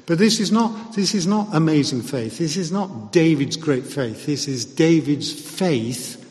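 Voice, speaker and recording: Male preacher, unhurried, measured and earnest sermon delivery, long hall reverb. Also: medium pitch.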